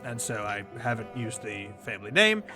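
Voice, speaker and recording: A man voicing an evasive young nobleman who talks haltingly, with many pauses. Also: fairly low pitch, very animated, music in the background, voice pushed down. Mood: hesitant. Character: evasive young nobleman hiding his title.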